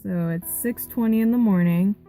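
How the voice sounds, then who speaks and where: Young female gaming vlogger, animated rambling storyteller, soft mellow voice. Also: mid-range voice, normal speed, soft background music, low-quality recording. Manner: rambling, animated retelling with quoted dialogue. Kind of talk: casual storytelling vlog.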